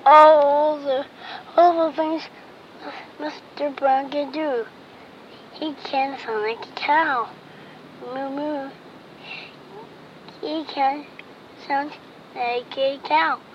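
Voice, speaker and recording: A woman's voice: sits high, steady tone, slow, pauses often. A woman reading a picture book aloud to a child, playfully imitating animal and object sounds and asking the listener to join in. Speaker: reader to a child. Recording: dull lo-fi with faint noise.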